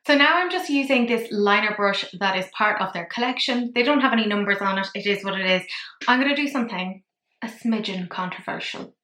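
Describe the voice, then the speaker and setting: A woman's voice: medium pitch, a little fast, bright, forceful tone, roomy sound. A woman with an Irish accent, chatting her way through a makeup tutorial in a rambling, self-deprecating manner. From Ireland. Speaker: makeup vlogger.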